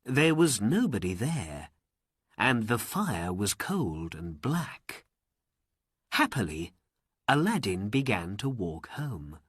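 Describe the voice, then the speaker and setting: A man narrating a story for learners in slow, deliberate, expressive storybook narration. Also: fairly low pitch, slightly rough, dry recording, clean studio sound.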